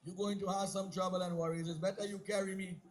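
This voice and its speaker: A man's voice: high-pitched, level tone, fast talker, voice pushed down, lightly acted, low-quality recording. A man voicing a devoted pleading young prince. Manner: pleading, earnest.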